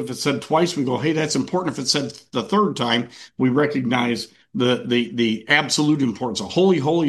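Folksy man preaching a casual sermon. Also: on the high side. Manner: folksy, repeats and restarts words. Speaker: pastor. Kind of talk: conversational sermon.

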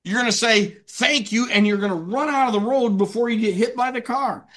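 A man preaching a sermon to his congregation in a notably high voice. He is earnest and often asks a question and then answers it himself. He slows down when reading scripture aloud. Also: a bit bright. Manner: reads scripture aloud, slowing down. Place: church meeting room with a congregation.

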